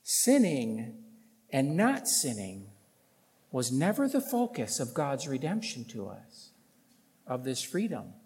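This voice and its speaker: A man's voice: medium pitch, huge pitch swings, slow, darkish tone, big-room sound. A man preaching a sermon as a pastor, emphatic, with rhetorical questions and bursts of force on key points.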